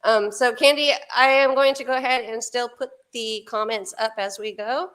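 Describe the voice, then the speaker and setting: A woman's voice: on the high side, fairly even intonation, moderate pace, fairly bright tone. Bubbly chatty woman hosting a livestream. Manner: bubbly, laughs often, chatty asides to viewers. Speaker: podcast host. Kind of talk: casual livestream chat.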